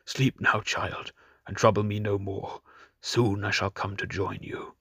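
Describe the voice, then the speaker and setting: A man voicing a stern, zealous male priest held captive, speaking fiercely and at times muttering low. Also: flat delivery, measured pace, fairly bright tone, husky, dry recording, full character voice.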